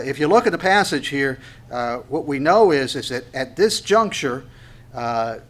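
A man's voice: on the high side, fairly bright tone. A male pastor giving a conversational Bible teaching, full of fillers and restarts, with wry asides and sharper emphatic bursts on key points.

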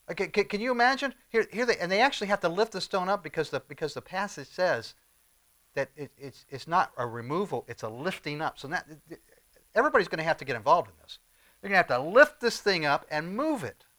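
Man, preacher, sermon, fairly high voice, animated, loud-then-soft delivery. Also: brisk. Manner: animated, swings between loud emphatic lines and soft low asides.

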